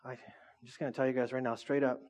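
A man's voice: medium pitch, flat delivery, fast, darkish tone. A man preaching a casual, joking sermon, teasing his audience and asking them questions.

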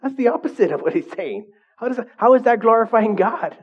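A man's voice: very high voice, big pitch swings, fairly quick, breathy edge. A male pastor preaching a conversational sermon, often checking in with his listeners. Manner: conversational, keeps checking in with the congregation. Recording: dull lo-fi recording.

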